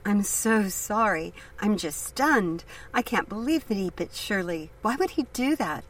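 A woman's voice: medium pitch, lively intonation, unhurried, pitched above the performer's own voice, rough recording. A woman reading the lines of a blind male judge who is shaken and apologetic, in an earnest, distressed way.

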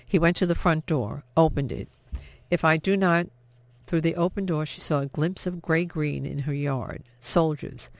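A man narrating an audiobook in a steady, measured storytelling manner. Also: on the high side, creaky, dry recording. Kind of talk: scripted narration.

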